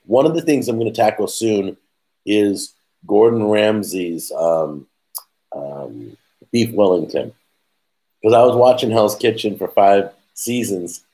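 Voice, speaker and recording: A man's voice: lowish voice, mellow, rough recording. Rambling, chatty man hosting a casual stream. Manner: rambling, chatty, quick asides, laughs at his own stories. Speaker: host. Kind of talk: casual live chat answering viewers.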